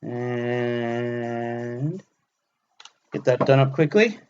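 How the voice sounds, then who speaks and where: Speaking very slowly, this man has a mid-range voice that's a little mellow, clear and resonant, though the audio's highs are cut off. In his thirties, he streams casually from his home hobby table, narrating each building step to himself as he crafts.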